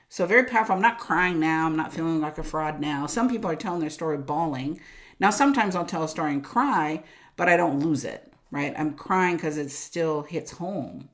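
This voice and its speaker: A woman business coach telling personal stories in a casual interview, animated and laughing often, ending many lines with "right?". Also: sits low. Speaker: profit coach, guest.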